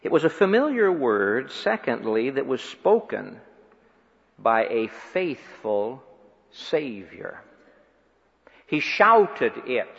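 A man's voice: very animated, slow pace, vocal fry. Preaching man in a reverberant hall. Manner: swings between loud emphatic peaks and quiet low phrases. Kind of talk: sermon. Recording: dull lo-fi sound with long hall reverb.

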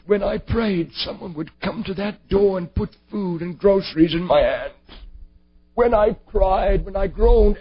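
Devout old grandmother, acted by a male preacher, husky, lo-fi. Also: medium pitch. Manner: pleading, scolding. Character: devout elderly grandmother, stern and aggrieved. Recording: dull lo-fi recording.

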